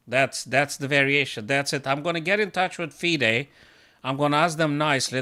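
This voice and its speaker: A chess coach streams live, a man with a mid-range voice and a sharp tone who talks briskly. He thinks aloud over his moves, mocking himself and breaking into exclamations.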